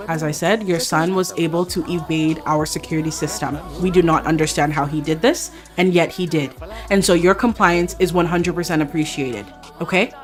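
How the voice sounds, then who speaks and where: A woman voicing a calm, formal male police officer who asks questions in a stiff, overly polite way. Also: sits low, moderate pace, faint music behind, close to an everyday voice. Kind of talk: voicing game characters in a let's play.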